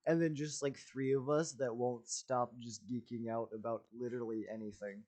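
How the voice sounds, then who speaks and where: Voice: mid-range voice, fairly even intonation, normal speed, dark tone. A player in a tabletop game asking teasing, joking questions. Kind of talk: casual tabletop play.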